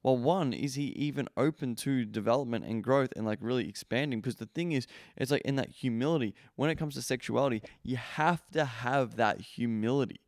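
A man's voice: mid-range voice, brisk, few pauses, no echo, clean studio sound. Blunt, profane man giving candid advice. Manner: blunt, profane, emphatic, many fillers. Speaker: podcast host. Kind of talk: casual coaching monologue.

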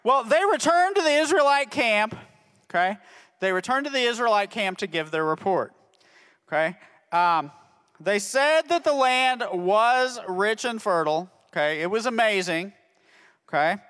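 A man's voice: high-pitched, animated, moderate pace, a bit bright, clean tone. A man telling a Bible story to children as a ministry teacher, constantly checking in with "okay?". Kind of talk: Bible story lesson for kids. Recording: long reverb of a hall.

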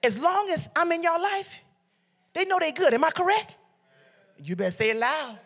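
A woman from Detroit preaching a sermon with call-and-response, swinging from soft teaching to shouted exhortation. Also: very high voice, animated, moderate pace. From Detroit, USA. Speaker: preacher and beauty coach. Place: church service.

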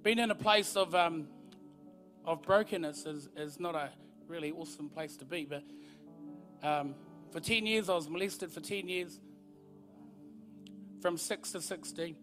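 A man giving an earnest, halting testimony at a church service. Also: fairly high pitch, fairly bright tone, faint music behind. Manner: earnest, halting, repeats words as he speaks. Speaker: guest speaker sharing his testimony.

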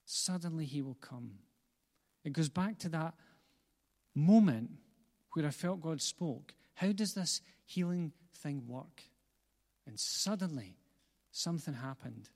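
A man's voice: a little high, expressive, slow, long pauses. A man preaching a sermon as pastor, earnest and building through repeated phrases, then leading a closing prayer. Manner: earnest, building repetition, gentle asides to congregation. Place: church hall. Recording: long reverb of a church hall.

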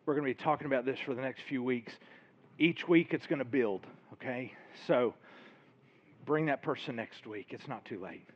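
A pastor, a man out of breath, speaks earnestly and informally as he closes his sermon and leads a prayer. His voice sits at an ordinary pitch for a man. The recording sounds slightly dull. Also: moderate pace.

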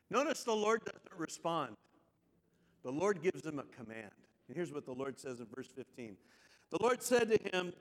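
A man's voice: high-pitched, lively intonation, normal speed, a bit bright, in a large hall, poor audio. A man preaching a sermon as pastor, with chatty, joking asides to the congregation.

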